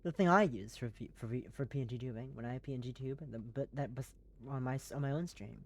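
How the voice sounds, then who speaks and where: A game streamer chatting casually on a live stream, rambling and excitable, swearing freely, in an airy put-on voice. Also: mid-range voice, fast.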